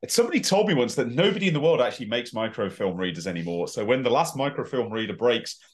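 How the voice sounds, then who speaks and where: A man's voice: medium pitch, lively intonation, fast. A man co-hosting a history podcast, telling a self-deprecating story in a casual, chatty way. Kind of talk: casual anecdotal chat.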